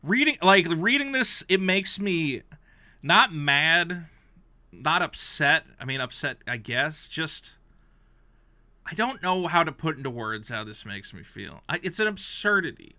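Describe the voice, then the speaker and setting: A host delivers comedic reaction commentary on a game console review, ranting in a sharply bright voice that jumps high and drops low with lively intonation. He's exasperated and sarcastic, lurching between loud outbursts and quiet mutters, yet unhurried. The recording is close and dry.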